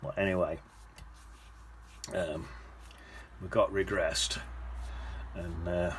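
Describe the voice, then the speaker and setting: Chatty low-voiced man. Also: flat delivery, slow, a bit bright, slight background noise. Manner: chatty, rambling, hums to himself while painting. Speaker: watercolour painting teacher. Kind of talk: casual painting demonstration.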